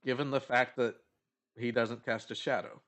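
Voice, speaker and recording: A man's voice: mid-range voice, fairly even intonation, moderate pace, fairly bright tone. A man narrating as game master in a casual tabletop game session.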